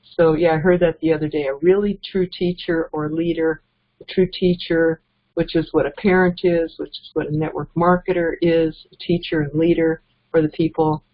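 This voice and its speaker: A woman's voice: low-pitched, steady tone, moderate pace. A woman giving a casual, earnest motivational training talk as a network marketing trainer, chuckling between points. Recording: dull lo-fi recording.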